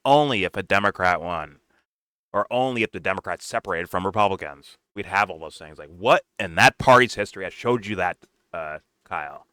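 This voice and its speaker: A man's voice: low-pitched, pushed and bright, clean tone, no room sound, studio quality. A man co-hosting a casual political commentary show, talking bluntly and sarcastically with frequent swearing. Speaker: podcast co-host.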